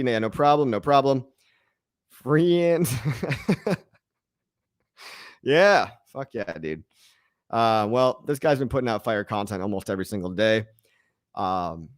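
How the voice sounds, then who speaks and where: A man's voice: medium pitch, no echo. Guy on a live stream reading chat, jokey and rambly, dry close sound. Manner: rambling, jokey, swears casually. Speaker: crypto live stream host.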